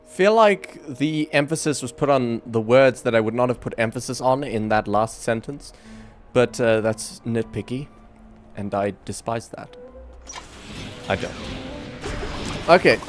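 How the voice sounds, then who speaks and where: A man's voice: medium pitch, unhurried, pauses often, faint music behind. A man giving wry, self-mocking commentary over a video game. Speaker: gaming YouTuber. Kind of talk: casual gameplay commentary.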